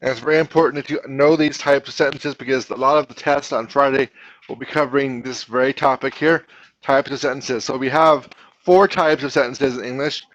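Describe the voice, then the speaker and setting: A man's voice: mid-range voice, fairly even intonation, brisk, a bit bright, no room sound, highs cut off. A man teaching a class, patiently explaining and often restarting his phrases. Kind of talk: classroom instruction.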